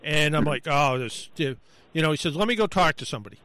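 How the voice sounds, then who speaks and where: A man's voice: a little high, lively intonation, a little fast, sharp tone, no room sound, poor audio. A man telling a long casual story on a talk show, rambling and acting out what people said to him. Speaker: guest storyteller.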